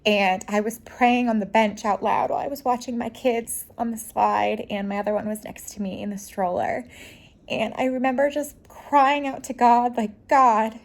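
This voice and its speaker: Young woman, personal vlog storytelling, emotional and raw, slightly high voice, lots of "like" fillers. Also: fairly even intonation, moderate pace, a little mellow. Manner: acts out quoted dialogue in her own voice. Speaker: lifestyle vlogger.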